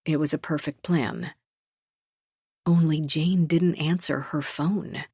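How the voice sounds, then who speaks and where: A woman narrating a first-person thriller audiobook in a measured, low-key, tense voice, recorded close in a studio booth. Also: darkish tone, dry recording. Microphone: close studio mic.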